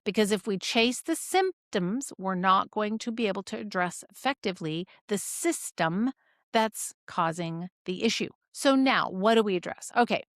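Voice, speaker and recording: A middle-aged woman teaching clinicians in a lively, conversational way, full of rhetorical questions. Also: mid-range voice, normal speed, no echo, studio quality. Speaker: health educator.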